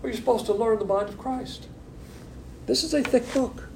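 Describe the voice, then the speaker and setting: A man's voice: very high-pitched, moderate pace, darkish tone, a little hiss or hum. A man preaching a sermon, emphatic and conversational with blunt asides. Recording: echoey room with faint ambience.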